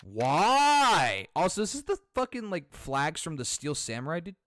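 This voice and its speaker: A man's voice: fairly high pitch, big pitch swings, brisk. A man streaming a video game, commenting in a casual, profane, jokey way.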